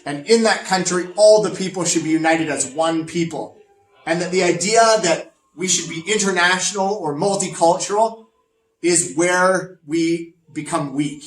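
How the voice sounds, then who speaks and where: A man's voice: fairly high pitch, moderate pace, recorded from a distance, close to an everyday voice. A man playing a smug, pompous fascist named Hans. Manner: smug, self-important lecturing. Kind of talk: comedic educational role-play. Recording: roomy echo, off-mic, faint music.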